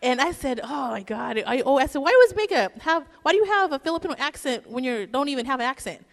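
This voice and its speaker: A woman's voice: high voice, lively intonation, quick pace, creaky, a bit bright. A woman giving a casual, joking eulogy for her father at a church service, telling stories in a chatty way. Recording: long reverb in a church hall.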